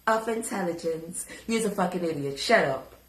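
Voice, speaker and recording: A woman's voice: mid-range voice, echoey room. A woman giving crude, taunting reaction commentary and repeating words to mock someone. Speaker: commentary vlogger.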